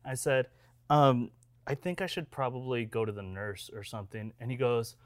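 A man in his thirties tells a long story on a podcast, rambling and animated, stopping and restarting his sentences. His voice sits in a middle pitch, recorded close and dry with no room sound. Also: fairly quick, no room sound. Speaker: podcast co-host. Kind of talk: casual storytelling chat.

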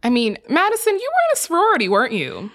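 A woman from the Southern US co-hosting a podcast in casual chat, animated and wry, swearing casually. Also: sits high, fast. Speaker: podcast co-host.

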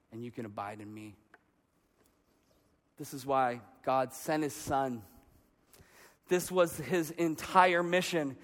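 A man's voice: high voice, a bit bright. A middle-aged man preaching a sermon as pastor, moving from storytelling to impassioned preaching. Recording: reverberant hall with music behind.

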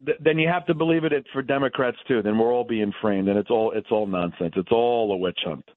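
A man, a politician calling into a radio show, answering quickly and defensively. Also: medium pitch, dry recording. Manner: quick, defensive, laughs off jabs. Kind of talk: phone-in radio interview. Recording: tinny phone line.

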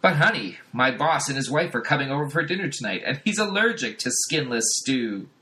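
A man's voice: medium pitch, lively intonation, fairly quick, bright, forceful tone, pitched above the performer's own voice. A man voicing an overbearing sitcom husband, in an exaggerated, cheesy sitcom delivery.

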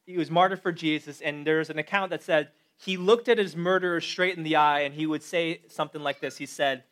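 A pastor delivers a casual, animated sermon in a fairly high male voice. He leans toward the audience with rhetorical questions and plain talk, picking up energy as he goes. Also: brisk. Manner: conversational, animated, addresses the audience directly.

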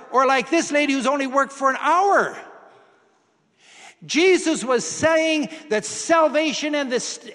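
A man preaching a sermon, drawing volunteers from the congregation into a demonstration in a folksy way that builds to loud, emphatic preaching. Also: very high voice. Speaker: pastor. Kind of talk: sermon with audience participation. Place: church hall with congregation. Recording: hall reverb.

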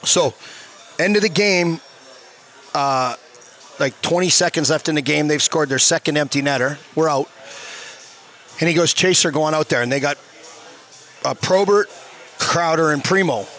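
High-voiced man telling a rowdy story. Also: moderate pace, pauses often. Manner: animated, profane, keeps checking in with "okay?". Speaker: guest, former hockey player. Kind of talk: casual storytelling. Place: bar.

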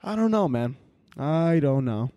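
A man's voice: a little high, expressive, measured pace, mellow, dry recording. A young man hosting a podcast on his own, rambling and joking with a lot of swearing in casual chat. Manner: profane, rambling, jokey. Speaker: podcast host.

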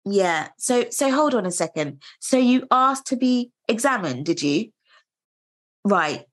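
A woman's voice: fairly high pitch, expressive, unhurried. A woman voicing a condescending senior midwife who questions her patronizingly. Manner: patronizing, interrogating.

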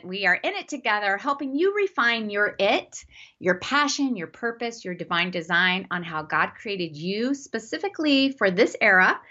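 A woman's voice: medium pitch, sing-song, moderate pace, sharp tone, soft background music. A woman hosting a faith-based podcast, enthusiastic and emphatic, introducing and questioning her guest with frequent laughter. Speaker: podcast host.

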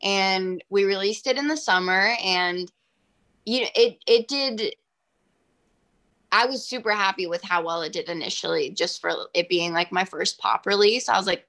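Bright, chatty young woman. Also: medium pitch, unhurried. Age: 20s. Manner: chatty, heavy use of "like", animated. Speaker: singer-songwriter guest. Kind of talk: casual interview storytelling.

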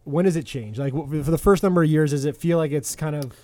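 A man hosts a casual chat, steering it with curious, prompting questions. His voice sits a little higher than most men's. The recording is close and dry. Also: fast talker, dark tone, no echo.

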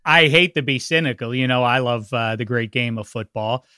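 Bright, dry-sounding man, wry sports host. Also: medium pitch, normal speed, clear, resonant tone, dry recording. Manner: wry, rambling. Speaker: podcast host. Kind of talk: casual sports talk.

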